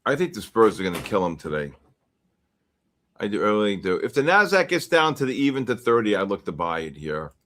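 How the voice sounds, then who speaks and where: A man hosting a live futures trading stream, commenting casually and excitedly on the market. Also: on the low side, a little fast. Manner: excitable, exclaiming and talking to himself over charts. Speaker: livestream trading host.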